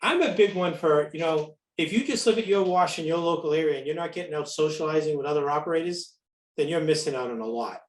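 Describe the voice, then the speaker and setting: A man with a slightly high voice talks on a podcast in an easygoing, measured way. He sounds set back from the mic in a room with plenty of echo. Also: recorded from a distance. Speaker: convention co-chair. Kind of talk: casual podcast chat.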